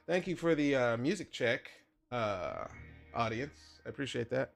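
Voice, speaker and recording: An adult man with a son streams his digital drawing, chatting casually, joking and talking directly to his viewers. His mid-range voice is gravelly, with lively intonation at a measured pace, and soft music plays in the background.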